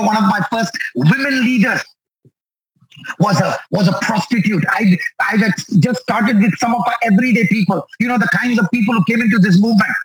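Male preacher from India, high husky voice, earnest storytelling with repetition. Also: low-quality recording. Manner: earnest storytelling with repeated phrases. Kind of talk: sermon testimony.

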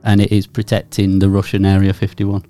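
Low-voiced man rambling. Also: completely flat delivery, brisk, dark tone, faint music behind. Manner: rambling, jokey, mock-serious theorizing. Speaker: podcast co-host. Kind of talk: casual banter.

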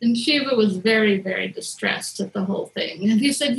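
In a conversational, tongue-in-cheek style, this podcast host spins a piece of mythology like she's talking with pals. She has a gravelly mid-range voice at a moderate pace with hardly any pauses, captured on a rough recording.

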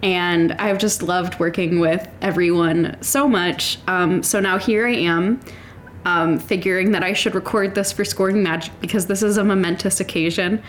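A woman's voice: fairly low pitch, steady tone, normal speed, slight background noise. A woman who edits and produces a podcast, recording a personal voice memo at home with her cats nearby. She is tearful and emotional, laughing through tears and swearing now and then.

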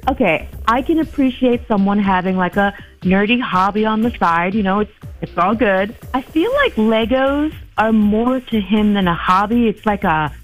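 A woman's voice: mid-range voice, animated, moderate pace, soft background music. A woman on a phone call to a radio show, blunt, giggly and talkative. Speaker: caller.

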